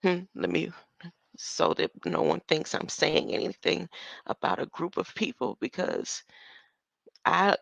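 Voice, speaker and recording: A woman's voice: lowish voice, lively intonation, a little slow, no room sound, dull audio. A woman giving casual, laughing, mocking commentary on old recordings, talking straight to her listeners. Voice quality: gravelly.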